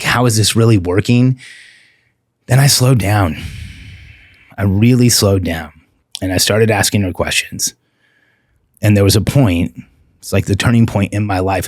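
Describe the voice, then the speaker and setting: Sincere and warm, a husky, low-voiced man in middle age talks openly as a podcast guest and relationship coach. Important words get extra weight as he slows down on them. There's no echo or room ambience, just a close, dry sound.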